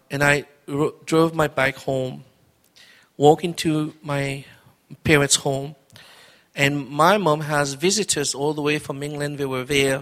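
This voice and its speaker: A man's voice: fairly high pitch, fairly bright tone. A middle-aged man preaching as a pastor, telling his testimony in an earnest, conversational way, often repeating words. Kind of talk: testimony sermon.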